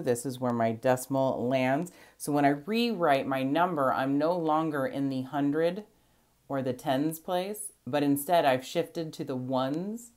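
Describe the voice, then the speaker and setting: A woman's voice: rumbling low, darkish tone. A woman teacher explaining a math lesson patiently, step by step, counting places aloud.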